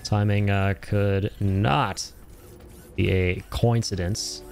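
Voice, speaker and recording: A man's voice: lowish voice, fairly even intonation, takes it slowly, gravelly, a little mellow. A man streaming a video game, joking and swearing in casual commentary and slipping in Hindi phrases. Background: game music.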